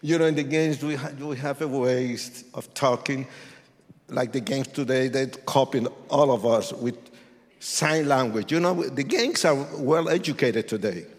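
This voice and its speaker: A man telling his testimony like a sermon, acting out voices and rising to shouts. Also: mid-range voice, measured pace. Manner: animated, acts out voices, swings to shouts. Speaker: testimony speaker. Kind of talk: preached testimony storytelling. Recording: long hall reverb.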